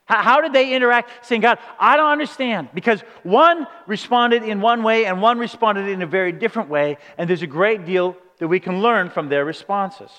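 A man with a high voice preaches to his congregation, keeping it conversational and earnest and leaning on rhetorical questions. His words ring out with a long reverb, as if from a large church sanctuary. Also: normal speed, few pauses, bright, forceful tone. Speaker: pastor. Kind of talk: sermon.

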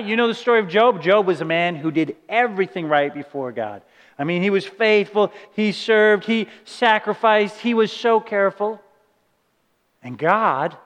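A man's voice: sits high, a bit bright. A man preaching a sermon, emphatic, often asking his listeners rhetorical questions. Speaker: pastor. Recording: long reverb of a large hall.

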